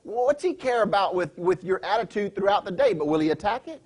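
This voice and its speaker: A man preaches in a church, pressing his points and throwing questions at the congregation. His voice sits high for a man and has a husky edge. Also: animated, brisk, a little mellow. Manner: emphatic, asks the congregation questions. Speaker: pastor. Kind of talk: sermon. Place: church sanctuary.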